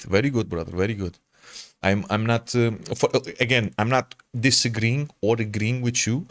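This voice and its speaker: Low-voiced man with Portuguese-tinged accent. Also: moderate pace, no echo, clean studio sound. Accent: Portuguese, mixed. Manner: hesitant, stammers and restarts, calls people brother. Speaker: game streamer. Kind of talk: casual chat answering viewers.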